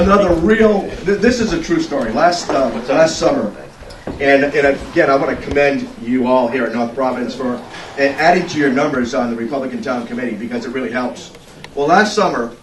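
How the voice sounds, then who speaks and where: A middle-aged man giving a folksy, storytelling political speech at a fundraiser. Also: fairly high pitch. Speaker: political speaker. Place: indoor event room. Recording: echoey room, distant mic, background noise.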